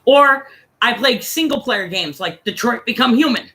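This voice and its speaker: A woman in her forties chatting casually on a stream, telling profane, animated stories and acting out the people she quotes. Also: a little high, moderate pace, low-quality recording. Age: 40s. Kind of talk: casual storytelling chat.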